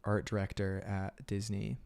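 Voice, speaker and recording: Laid-back streaming illustrator, lowish voice. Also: male voice, unhurried, vocal fry. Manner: relaxed, rambling, many "like"s and filler words. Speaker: illustrator streaming his sketching. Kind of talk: casual chat while drawing on stream.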